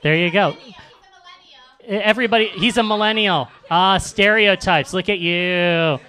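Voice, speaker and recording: A man's voice: sits high, measured pace, pushed and bright. A man hosting a live comedy roast in a club, bantering with the crowd and mocking what he reads aloud. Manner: sarcastic, mock-reading lines aloud. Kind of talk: stand-up banter with the audience.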